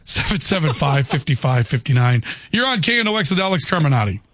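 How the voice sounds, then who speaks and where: Radio host guy, ribbing his co-host, slightly high voice, dry studio. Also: big pitch swings, fast talker, fairly bright tone, no echo. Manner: teasing, reads texts aloud. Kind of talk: sports radio chat.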